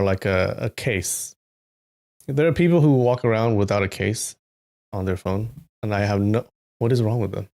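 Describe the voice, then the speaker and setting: A man hosting a live stream, chatting casually with his viewers and greeting them by name. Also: lowish voice. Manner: chatty, greets chat by name, animated asides. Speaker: live-stream host reading a novel.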